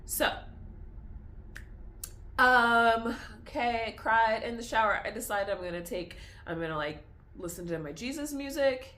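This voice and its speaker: A woman's voice: fairly high pitch, unhurried, a bit bright. A young woman talks candidly in a personal vlog, confessional and tearful, laughing through tears as her feelings swing back and forth. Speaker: vlogger.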